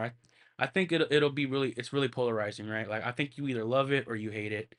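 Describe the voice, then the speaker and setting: Talking quickly in a medium-pitched voice, a man gives a casual solo film review on his own podcast. His delivery is rambling and loose, full of filler words and returns to earlier points, with plenty of swearing.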